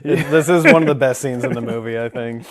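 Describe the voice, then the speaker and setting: A man's voice: mid-range voice, brisk. A man co-hosting a podcast, chiming in with short agreeing remarks and jokes during a casual movie chat. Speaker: podcast co-host.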